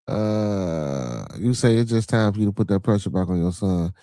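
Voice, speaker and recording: A middle-aged man with a Chicago accent hosts a livestream podcast in a casual monologue, his voice low-pitched and dark at a moderate pace with no room sound. He talks loosely and profanely, tagging almost every thought with a question to the listener and saying "you feel me" constantly.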